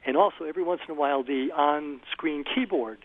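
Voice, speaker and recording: A man calling into a radio show, telling his computer problem step by step with many pauses and fillers. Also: a little high, no room sound. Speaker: caller. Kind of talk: call-in phone question. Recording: tinny phone line.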